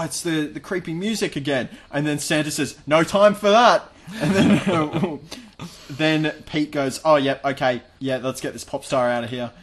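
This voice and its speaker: A man's voice: a little high, husky. A young man co-hosting a podcast, casually retelling a TV episode in a dry, emphatic way. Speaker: podcast co-host.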